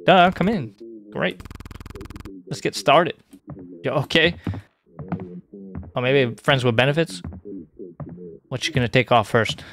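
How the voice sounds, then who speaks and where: A young man streaming a horror game, joking and excitable, bursting into high squeaky outbursts. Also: slight background noise. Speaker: gaming streamer.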